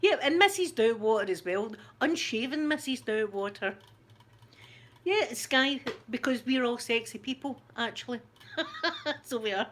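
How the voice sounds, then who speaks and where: A woman's voice: fairly high pitch, lively intonation, a little slow, fairly bright tone, a little hiss or hum. A middle-aged woman with a Scottish accent, a channel host in casual chat, laughing often as she tells stories. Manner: chatty, laughs often, storytelling.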